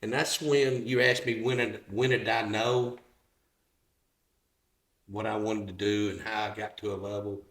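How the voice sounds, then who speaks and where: A middle-aged man, a podcast guest, telling stories about his car business in a folksy, halting way, often restarting his sentences. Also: lowish voice, little pitch movement, a bit bright. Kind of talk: casual chat. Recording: roomy echo.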